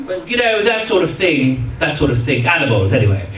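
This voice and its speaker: A man's voice: fairly high pitch, big pitch swings, a little fast, fairly bright tone. An English man telling a comic story to a live audience, chatty and teasing, playfully pompous, recorded from a distance in a hall. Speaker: comedy entertainer. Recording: echoey hall from far off, crowd.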